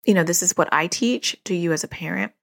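Gravelly-voiced woman giving parenting advice. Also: fairly low pitch, quick pace. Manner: chatty, self-disclosing, with frequent fillers and laughs. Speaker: podcast host and parenting therapist. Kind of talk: casual advice monologue.

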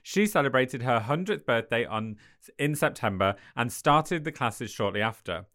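A woman's voice: rumbling low, animated, normal speed, a bit bright. An English woman co-hosting a podcast, reading news stories aloud with giggly asides. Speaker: podcast co-host.

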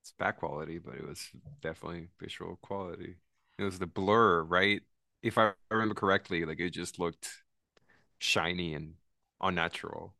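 A man's voice: sits low, fairly even intonation, normal speed, vocal fry, pushed and bright, no room sound, clean studio sound. A man co-hosting a podcast, chatting in a laid-back way. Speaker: podcast co-host. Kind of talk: casual chat.

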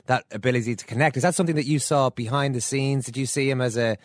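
A man, hosting a podcast and asking measured, conversational questions. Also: mid-range voice, dry recording, clean studio sound. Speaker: podcast host. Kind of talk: interview questions.

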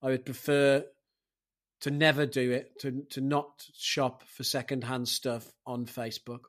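A man's voice: mid-range voice, level tone, unhurried, a bit bright. A man hosting a casual podcast chat, swearing and telling rambling anecdotes. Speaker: podcast host running the segment.

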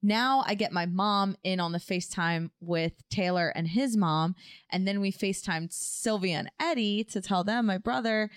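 A young woman co-hosting a podcast, telling a story in a casual, animated way and acting out the quotes. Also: moderate pace, clear, resonant tone, no room sound, studio quality. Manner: animated, acts out quotes with big pitch jumps. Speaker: podcast co-host.

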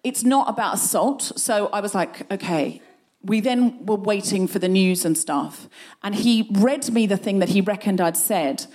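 A woman's voice: mid-range voice, normal speed, a little mellow. A woman podcast host telling a comic anecdote to a live audience, acting out the voices of the people she quotes and laughing through parts of it. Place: live show on a stage.

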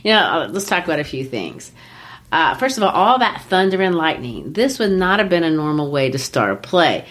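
Low-pitched yet a bit bright, this woman is very animated and brisk as she co-hosts a podcast. She enthusiastically breaks down a play in casual literary chat, voicing rhythms by tapping them out.

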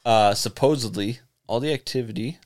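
A man's voice: mid-range voice, normal speed, darkish tone. Giggly man telling a ghost story. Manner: laughs often, teasing. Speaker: podcast co-host. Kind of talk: casual comedic chat.

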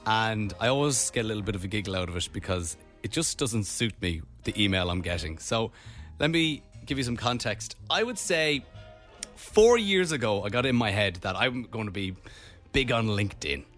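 A man's voice: fairly low pitch, big pitch swings, normal speed, a bit bright, soft background music. A young Irish man hosting a radio show, joking and laughing at himself in playful banter. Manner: jokey, laughing, self-mocking. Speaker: radio host.

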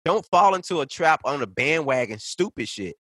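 A man's voice: fairly high pitch, animated, moderate pace, sharp tone, husky, no room sound. A man ranting in casual conversation, heated and profane, piling up point after point. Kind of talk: casual podcast rant.

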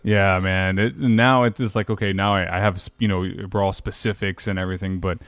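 A man's voice: sits low, fairly even intonation, fairly quick, fairly bright tone, no echo. A man, telling a rambling, profane story in casual chat. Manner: rambling storyteller, swears freely.

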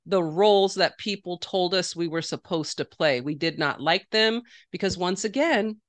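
A middle-aged woman talking as a podcast guest in a casual interview, telling lively stories and quoting herself and others. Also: fairly low pitch, moderate pace.

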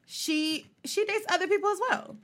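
A young woman co-hosting a podcast, telling stories bluntly in a casual, animated chat. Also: very high voice, normal speed. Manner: blunt, animated storytelling with profanity. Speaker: podcast co-host.

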